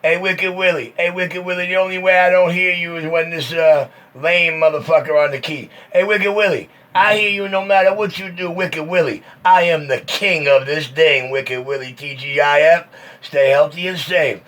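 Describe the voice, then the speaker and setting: A man's voice: fairly high pitch, steady tone, moderate pace, fairly bright tone. A man on CB radio, bantering in a boastful, teasing way. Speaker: CB radio operator. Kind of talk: CB radio chatter.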